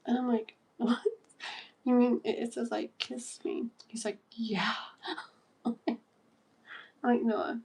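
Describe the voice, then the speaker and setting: A woman's voice: on the high side, flat delivery, slow, creaky, long pauses, mellow, breathy edge. A woman in her thirties hosting a casual livestream, chatting and giggling while reading comments aloud. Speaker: livestream tarot host.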